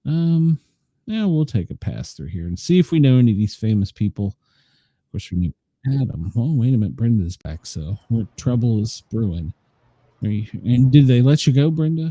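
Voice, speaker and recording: A man's voice: medium pitch, animated, normal speed, dark tone, no room sound, clean studio sound. A man hosting a casual talk show, ranting with profanity and laughing often. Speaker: host. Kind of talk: casual chat.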